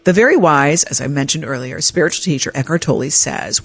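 Woman, podcast host, animated storytelling, acts out quotes, swooping lively pitch, dry sound. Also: normal speed, breathy edge, dry recording. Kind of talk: storytelling monologue.

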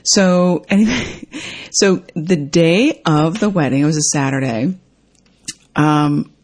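Woman, husky low-ish voice, animated personal storyteller who mimics the voices in her anecdotes. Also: slow. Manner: animated, acts out quoted dialogue with big pitch jumps.

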